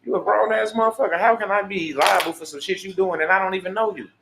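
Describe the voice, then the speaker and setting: A man's voice: high voice, quick pace, creaky, background noise. A man, hosting a livestream and ranting in a profane, preachy, boastful way. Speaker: livestream host. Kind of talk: unscripted livestream monologue.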